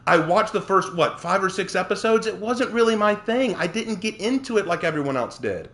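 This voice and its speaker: Man, streamer, heated rant at chat, high voice, swings wildly up and down. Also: animated, a little fast, fairly bright tone. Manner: heated, indignant, ranting; answers chat by name. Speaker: streamer and writer. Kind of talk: live-stream rant to chat while gaming.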